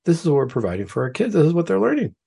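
A man's voice: a little high, wildly swooping pitch, rapid-fire, creaky, warm tone, breathy edge. A man hosting a talk show, explaining earnestly and telling case stories as a clinician. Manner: earnest, explanatory, quotes imagined speakers. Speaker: psychiatrist and radio show host.

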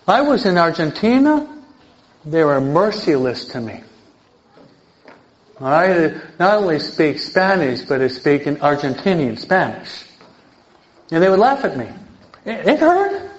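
An older man, a priest teaching an adult catechism class in a lively sermon style, emphatic and often checking in with his listeners. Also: on the high side, slow pace, long pauses. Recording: dull lo-fi recording.

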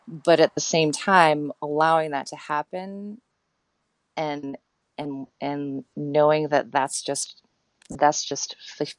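A woman in her thirties with a low voice talks candidly as an interview guest, often stopping and restarting her sentences. The recording is dry and close. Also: no room sound, poor audio. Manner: reflective and candid, with frequent fillers and restarts. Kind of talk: casual interview chat.

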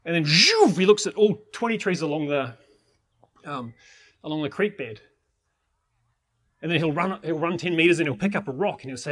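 A man's voice: a little high, expressive, brisk, fairly bright tone, husky. A man teaching permaculture in an enthusiastic, rambling way, with many restarts. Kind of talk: informal teaching talk.

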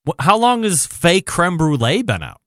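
A playful man hosting a radio chat, his voice sitting a bit high and swinging widely in pitch. The sound is close and dry, with no room echo. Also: huge pitch swings, a bit bright. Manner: playful, reacting with quick interjections. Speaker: radio show host.

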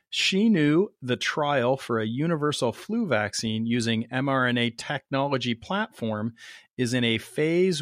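A man's voice: medium pitch, no echo, studio quality. A man hosting a medical podcast in an upbeat, chatty way. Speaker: podcast host. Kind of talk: casual podcast chat.

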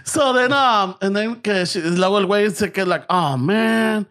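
A man's voice: sits high, animated, moderate pace, a bit bright. A young man telling a long story in casual chat, swearing a lot, switching between English and Spanish, and acting out the people in it. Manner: profane, switches between English and Spanish mid-sentence, acts out voices.

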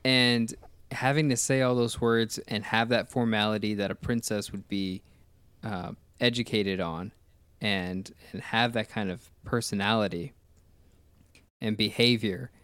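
A man's voice: on the low side, fairly bright tone, clean tone, dry recording. A man hosting a casual film commentary, enthusiastic and rambling, with many restarts. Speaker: podcast host.

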